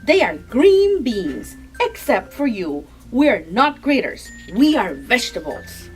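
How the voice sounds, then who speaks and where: A woman's voice: a little high, big pitch swings, takes it slowly, faint music behind. A woman voicing a fussy male yam from a children's picture book, in a prim, exasperated lecturing tone.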